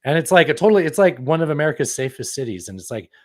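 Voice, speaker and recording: A man in his thirties hosting a casual podcast, rambling and animated, who swears casually. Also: a little high, racing, no room sound. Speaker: podcast host. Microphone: studio microphone.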